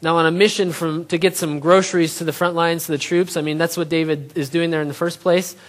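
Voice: mid-range voice, steady tone, fairly quick. A preacher giving a sermon, retelling a scripture story in plain everyday terms and asking the audience rhetorical questions.

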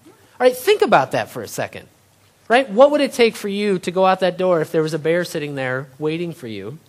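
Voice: mid-range voice, sing-song, a little fast. A preacher giving a sermon, retelling a scripture story in plain everyday terms and asking the audience rhetorical questions.

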